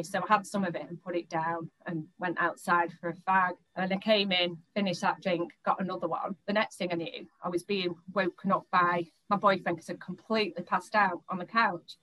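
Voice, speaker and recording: A woman's voice: on the low side, little pitch movement, a little fast, few pauses, a bit bright, poor audio. A young woman, recounting a personal experience in an interview, often stopping, restarting and repeating words.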